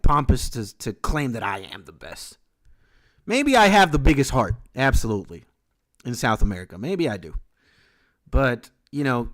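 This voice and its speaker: Animated Venezuelan man with a lively voice. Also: mid-range voice. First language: Spanish. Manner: boastful, joking, swears freely. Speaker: streamer and beat maker. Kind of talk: casual livestream chat, reading out chat.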